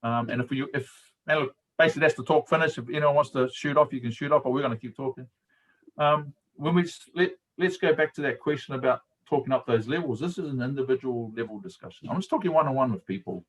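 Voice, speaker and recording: A man's voice: mid-range voice, fast, a bit bright, poor audio. Middle-aged New Zealand man, casual coach, colloquial storyteller, mid-range voice. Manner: storytelling, laughs often, colloquial. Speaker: guest speaker and coach. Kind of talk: casual live-stream talk.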